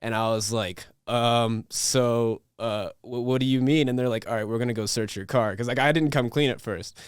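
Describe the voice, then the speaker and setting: A young man tells a story on a podcast in a casual, rambling way, full of restarts, fillers and quick laughs. His voice is smooth and clear, recorded close and dry with no room sound. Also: medium pitch, dry recording. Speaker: podcast host.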